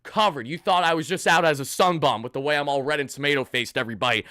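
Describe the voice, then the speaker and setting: A young man hosting an excited postgame livestream, worked up and sweaty, loudly thanking donors. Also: fairly high pitch, quick pace, dry recording, clean studio sound. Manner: hyped, loud, shouting and thanking donors. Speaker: host of a fan live stream.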